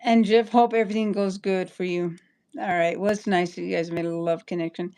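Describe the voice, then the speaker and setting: A woman's voice: lowish voice, steady tone, fairly quick, warm tone. A woman chatting on a livestream, rambling and apologetic, stopping and restarting her sentences. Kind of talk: casual livestream chat.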